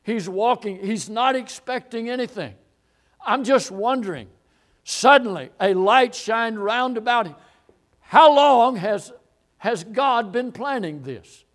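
Man preacher, high voice, sermon delivery, repeats lines for emphasis and rises to loud declarations. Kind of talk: sermon, expository Bible teaching.

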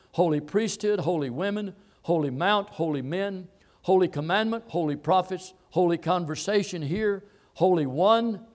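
A man preaching a sermon from a church pulpit, moving from calm teaching to hollering. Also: sits high.

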